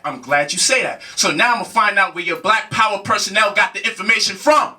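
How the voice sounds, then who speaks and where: A man's voice: high-pitched, quick pace, hardly any pauses, bright, forceful tone, far from the mic. A man giving a heated spoken lecture, emphatic, with repeated rhetorical questions and casual slang. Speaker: speaker challenging a debate opponent.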